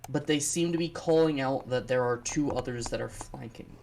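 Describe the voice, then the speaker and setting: This is a game master narrating a tabletop battle on a live stream. The narration is slow and deliberate, with frequent fillers. The voice sits in a middle pitch. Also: vocal fry, darkish tone, slight background noise.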